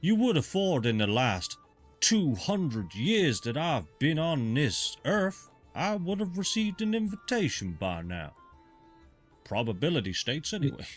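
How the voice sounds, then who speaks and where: A man's voice: a little high, very animated, faint music behind, pitched above the performer's own voice. A huge, ancient bugbear barkeep talks in a teasing, sing-song way, stretching out his punchlines. His voice swings widely and sits raised above an everyday man's, as a game master puts him on. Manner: jokey, sing-song, drawn-out emphasis.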